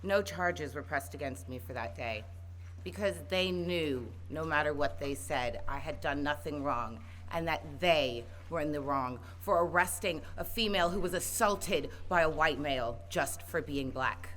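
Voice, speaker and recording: Low, bright-voiced woman at a protest rally. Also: measured pace. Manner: earnest, building to impassioned calls. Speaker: protest speaker. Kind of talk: personal protest speech. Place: outdoor park rally.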